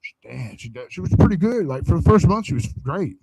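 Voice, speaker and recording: A man's voice: fairly high pitch, a little fast, husky, no echo, rough recording. A man on a podcast, telling a crude story in casual, profane chat and acting out the lines of the people in it. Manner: profane, animated storyteller acting out quoted dialogue.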